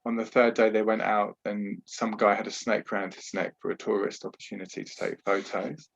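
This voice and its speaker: A man's voice: lowish voice, flat delivery, a little fast, creaky, husky. Earnest, explaining man on a muffled call. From Britain. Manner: earnest, explanatory, frequent "you know" and restarts. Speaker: trauma therapist, podcast guest. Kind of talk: podcast interview over a video call. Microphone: video call.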